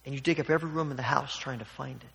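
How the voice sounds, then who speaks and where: A man's voice: medium pitch, fairly even intonation, racing, vocal fry, fairly bright tone. A man preaching a sermon in a conversational, emphatic way, acting out the quotes he reads. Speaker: pastor. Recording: long hall reverb.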